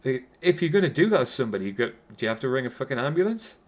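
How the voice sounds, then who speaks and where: A man's voice: medium pitch, big pitch swings, racing. A man with a Geordie accent giving a casual, rambling film review, swearing constantly and restarting his sentences.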